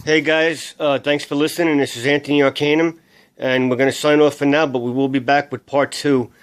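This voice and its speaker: A man hosting an audio channel, signing off casually with halting speech and many fillers. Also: fairly high pitch, level tone, clear, resonant tone. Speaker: channel host. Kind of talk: casual sign-off to listeners.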